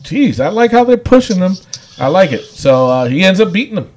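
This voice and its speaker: A man's voice: sits high, sing-song, fairly quick. A man hosting a casual wrestling recap chat, enthusiastic and rambling with fillers. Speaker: wrestling show host.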